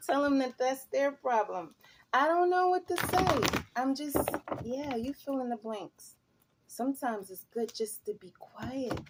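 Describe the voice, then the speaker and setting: A woman's voice: medium pitch, background noise. A woman giving a tarot reading, musing and chatty, who now and then breaks into laughter. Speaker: tarot reader.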